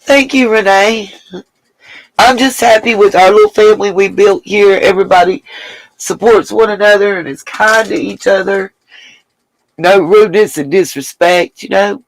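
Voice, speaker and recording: A woman's voice: mid-range voice, vocal fry, no room sound, rough recording. Woman on her livestream talking news, blunt and swears a lot, dry close sound. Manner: blunt, emphatic, chatty, swears freely. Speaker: livestream host. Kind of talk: live-stream commentary and chat reading.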